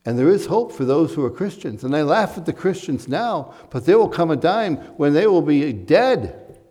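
A man's voice: fairly high pitch, big pitch swings, normal speed, dark tone. A man preaching a sermon, earnest and building to emphatic points, with conversational asides. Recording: long hall reverb.

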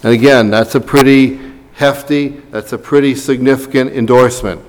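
A man's voice: mid-range voice, steady tone, normal speed, in a large hall. A man preaching a sermon in a conversational way, with asides to the congregation. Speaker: pastor.

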